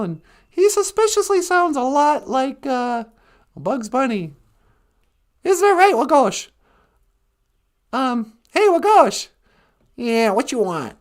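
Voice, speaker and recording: A woman from northern Minnesota, hosting a casual live stream, chatty and teasing with frequent laughter. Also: high voice.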